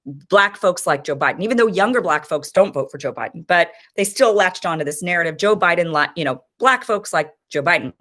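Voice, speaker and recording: A woman's voice: on the low side, lively intonation, fairly quick, hardly any pauses, fairly bright tone. A woman in her thirties giving impassioned, frustrated political commentary as host of her own show.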